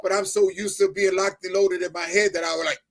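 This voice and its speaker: A middle-aged man from New Jersey sharing an emotional personal testimony as an interview guest, animated, often laughing and raising his voice when excited. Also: sits high, a little fast.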